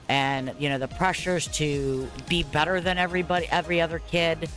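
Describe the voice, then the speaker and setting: With faint music in the background, a woman in her forties tells her own long story as a parent over gameplay. Her low voice has a fairly bright tone and a moderate pace. She wanders candidly, with frequent fillers, asides and "blah, blah, blah."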